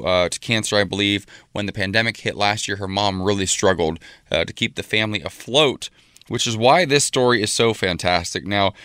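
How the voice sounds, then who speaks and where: A man's voice: fairly low pitch, a bit bright, clean tone, dry recording, studio quality. A man hosting a radio show, chatting casually with a co-host and telling upbeat stories. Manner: easygoing, upbeat storyteller.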